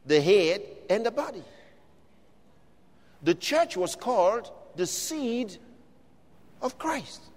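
A man preaching a sermon, building from steady teaching to shouted declarations. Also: high-pitched, slow pace, pauses often, big-room sound.

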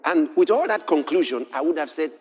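High-voiced, animated male preacher. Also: fairly quick, slight background noise. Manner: impassioned preaching that builds to shouts; storytelling with scripture readings. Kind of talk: sermon.

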